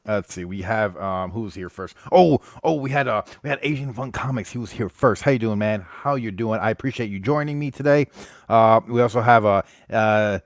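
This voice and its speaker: A man's voice: on the low side, moderate pace, no echo, studio quality. A man from the United States hosting a casual live stream, greeting chat members and rambling with frequent restarts.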